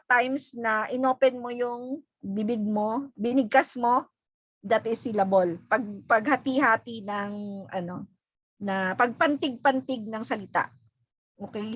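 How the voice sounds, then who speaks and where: A woman teacher with a Filipino accent, explaining grammar to an online class in a patient, halting way full of fillers and repeats. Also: on the high side, dry recording, poor audio. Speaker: English teacher. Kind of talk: online class lesson, mixing English and Filipino. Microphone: video call.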